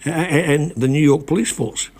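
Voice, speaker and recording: An older man, a former reporter, talking as a guest in a casual conversation, halting often with restarts and repeated words. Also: a little high, a little mellow.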